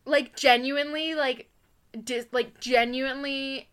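A young woman co-hosting a podcast in casual chat, excitable and rambling, laughing often. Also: high voice, a little slow. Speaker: podcast co-host.

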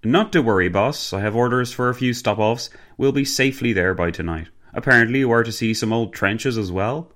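A man's voice: mid-range voice, brisk, hardly any pauses, natural voice. A man voicing a cheerful, chatty Cockney cab driver and former soldier with a Cockney accent. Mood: chirpy. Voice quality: bright and perky, blunt.

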